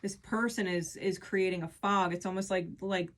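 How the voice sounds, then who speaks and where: A woman's voice: mid-range voice, steady tone, moderate pace. A woman giving an earnest, emphatic tarot reading who repeats key phrases as she pulls cards. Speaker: tarot reader.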